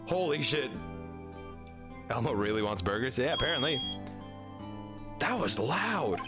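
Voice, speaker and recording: A man's voice: medium pitch, very animated, a little slow, over music. A man casually commenting on a game he is playing for the first time, goofy and swearing freely. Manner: goofy, swearing, laughing, restless. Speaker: gaming video host.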